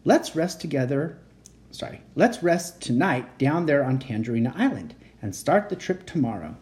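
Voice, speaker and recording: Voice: mid-range voice, very animated, normal speed, darkish tone, close to an everyday voice. A reader voicing a brave, practical nine-year-old boy in a children's storybook, cheerful and matter-of-fact. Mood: friendly. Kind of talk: children's storybook read-aloud.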